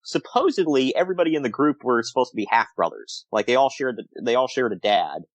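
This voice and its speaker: A man's voice: mid-range voice, lively intonation, fast talker, dry recording. A man co-hosting a casual podcast review, rambling and laughing often as he retells things. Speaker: podcast co-host.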